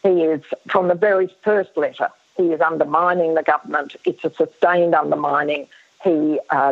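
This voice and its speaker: Woman, husky fading voice, gravelly, emphatic guest, phone-line sound. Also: deep voice. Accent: Australian. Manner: emphatic, many restarts and fillers. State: losing her voice. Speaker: guest historian. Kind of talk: radio interview over the phone.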